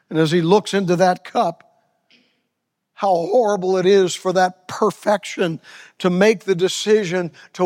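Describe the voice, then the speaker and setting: A man in his seventies preaching a sermon dramatically, dropping to hushed tones and rising to a raised voice. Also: extremely high pitch. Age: 70s. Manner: dramatic, swinging from hushed near-whisper to raised voice. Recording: long reverb of a large hall.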